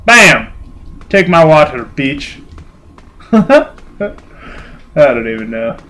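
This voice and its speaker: A young man commenting on a video game he is playing, swearing and yelling at it in an irritable mood. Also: on the high side, extremely slow. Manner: excitable, swearing, shouting at the game. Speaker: gaming channel host. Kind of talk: casual let's-play commentary.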